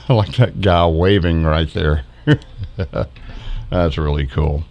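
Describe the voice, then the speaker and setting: A man's voice: deep voice, slow pace, muffled recording. A middle-aged man casually narrating his backyard footage as a ufology vlogger, chuckling often as he points out faces in orbs.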